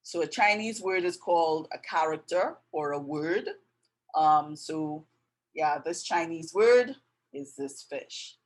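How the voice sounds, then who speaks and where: A woman giving a casual drawing tutorial, gently narrating each step as she draws. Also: sits low, animated, slow, rough recording. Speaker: art tutor. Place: indoors with passing road traffic.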